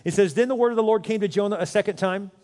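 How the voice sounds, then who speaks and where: A male pastor delivers a sermon with a somewhat high voice, moving between quiet storytelling and emphatic rises. His words ring out with a long reverb, as in a large church sanctuary. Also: very fast. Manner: storytelling, animated and emphatic, with repeated restarts.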